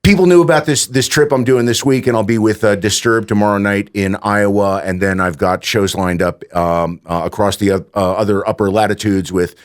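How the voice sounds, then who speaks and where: A man guesting in a radio studio, telling animated stories with quick asides and frequent laughs. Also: lowish voice. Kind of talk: casual radio chat. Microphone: studio microphone.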